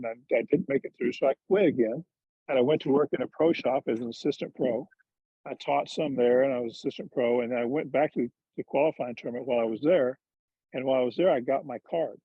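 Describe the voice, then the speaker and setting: A man's voice: mid-range voice, breathy edge, no room sound. A man, a former touring golfer and TV commentator, telling candid, self-deprecating stories in a casual interview. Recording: dull lo-fi dry sound.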